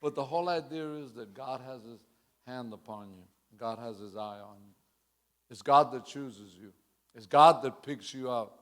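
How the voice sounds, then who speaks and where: A man's voice: medium pitch, normal speed, fairly bright tone. A man preaching a sermon through a long personal story, in a casual street-style way, often tacking on "man" and chuckling between lines.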